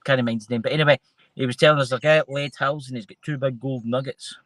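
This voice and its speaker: A Scottish man hosts a loose, casual chat show and rambles from one point to the next, often trailing off mid-sentence. His voice is bright and forward, and it sits dry and close to the mic. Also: medium pitch, steady tone, fast, dry recording, low-quality recording. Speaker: host.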